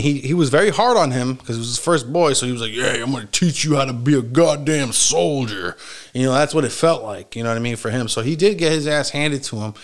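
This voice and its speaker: A man telling a long story from his childhood in a casual, rambling way, swearing often and filling pauses with "like" and "you know". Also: medium pitch, clean tone. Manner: rambling, heavy swearing, frequent fillers and laughs.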